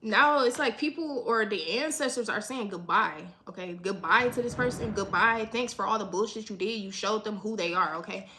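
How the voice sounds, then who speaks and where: A woman doing a casual tarot reading on a livestream speaks at a medium pitch and moderate pace, with few pauses, in a pushed, bright voice over a slight hiss or hum. Her talk is loose, repetitive and profane, and nearly every line ends with "okay?"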